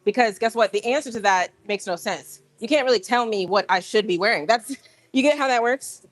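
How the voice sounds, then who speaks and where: A woman hosting a casual livestream from a gym, talking straight to her viewers in an animated, rambling way. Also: fairly high pitch, a little fast, dry recording. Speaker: livestream host. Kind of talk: casual live-stream chat.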